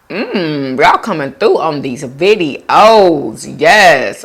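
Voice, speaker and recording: A woman's voice: drawn-out words, hardly any pauses, breathy edge. A woman hosting a mukbang video, chatting casually to viewers while eating and reading their comments aloud. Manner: laid-back with lively swoops of pitch. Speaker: mukbang vlogger.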